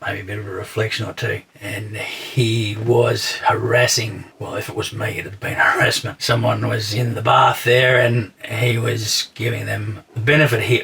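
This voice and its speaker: A man's voice: lowish voice, gravelly, a bit bright, husky, far from the mic. An Australian man telling casual anecdotes in a dry, wry, understated way. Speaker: vlogger.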